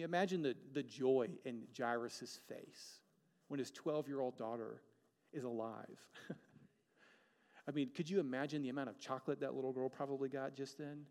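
A man's voice: medium pitch, normal speed, a little mellow, big-room sound. A man preaching a sermon as a pastor, earnest, with rhetorical questions and dramatic shifts of pace.

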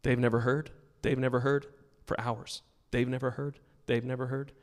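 Male pastor, slightly high voice, emphatic sermon delivery, long church-hall reverb. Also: clear, resonant tone. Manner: emphatic, earnest preaching with storytelling asides. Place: church sanctuary with a congregation.

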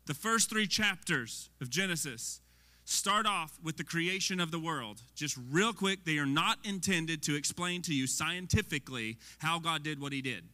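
A man preaching a sermon in a lively, conversational way, often asking the audience questions. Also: on the high side, moderate pace. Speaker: pastor. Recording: long hall reverb.

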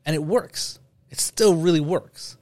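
A man co-hosting a casual film podcast, eager and talkative, stumbling over repeated words as he gets excited. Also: a little high, unhurried, dry recording, studio quality. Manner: enthusiastic, stammering restarts, casual slang. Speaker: podcast co-host.

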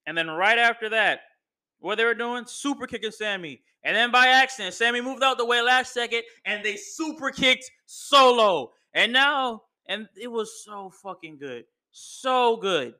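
A man hosting a podcast, giving a casual, profane, slang-filled and excitable recap of a wrestling match. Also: extremely high pitch, unhurried. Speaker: podcast host.

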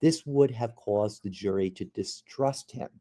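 A man giving a podcast lecture on courtroom technique, measured, with frequent fillers and restarts. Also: lowish voice, dark tone. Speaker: legal instructor.

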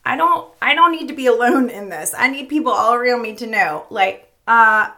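A middle-aged woman talks candidly in a personal vlog, rambling, laughing a lot, losing her thread, and sometimes turning tearful. Her voice sits on the high side, pushed and bright, at a moderate pace.

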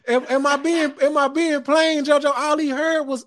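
A man with a high voice talks in a loose, preachy podcast monologue. He chuckles often and drops curse words casually, a host working from his own studio. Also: fairly even intonation, normal speed, few pauses. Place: home studio.

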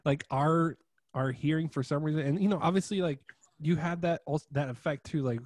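A young man in casual chat, an animated storyteller who gets loud when acting out his own reactions. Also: a little high, fairly quick, no echo, clean studio sound.

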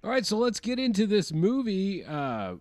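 A man's voice: sits high, huge pitch swings, moderate pace, a little mellow. A middle-aged man co-hosting a podcast, chatting casually about a movie in a rambling, hesitant way. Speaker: podcast co-host. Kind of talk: casual movie recap chat.

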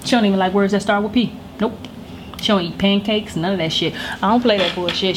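A middle-aged woman hosting a show, spinning a comic tale with loud, blunt swearing and forceful emphasis. She talks at an ordinary pitch for a woman, with a faint hiss behind her voice. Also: fairly even intonation, brisk. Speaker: podcast host. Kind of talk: comedic storytelling. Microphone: studio microphone.

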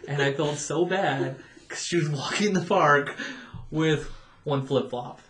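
Laughing, slightly high-voiced man chatting. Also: unhurried, a bit bright, reverberant. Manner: laughing storyteller, acts out quoted voices. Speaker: podcast co-host, former theme park cast member. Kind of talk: casual chat.

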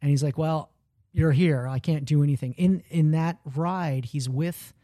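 Man, slightly higher voice, mellow tone, lively storyteller doing character lines, dry close sound. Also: a little slow, no room sound. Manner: animated storytelling, acts out quoted lines. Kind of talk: casual chat retelling a film.

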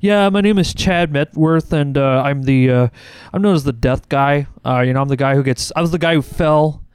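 A man's voice: fairly high pitch, moderate pace, clean tone, no echo, natural voice. A man voicing a goofy male bit-part actor who is proud of his movie deaths, with a chipper, self-satisfied delivery.

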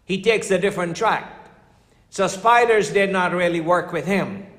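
An older man, a pastor, preaching a conversational sermon full of stories, sometimes dropping his voice low for emphasis. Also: moderate pace, fairly bright tone, roomy sound, long reverb tail. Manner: storytelling, conversational preaching with dramatic drops in voice.

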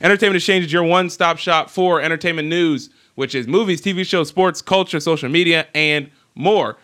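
A lively man hosting a podcast with a New Jersey accent, his voice bright and forceful. He talks in a loose, joking way, sitting a bit higher than most men. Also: fairly quick, smooth. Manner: animated, laughing, playful banter. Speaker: podcast host. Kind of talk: casual podcast chat.

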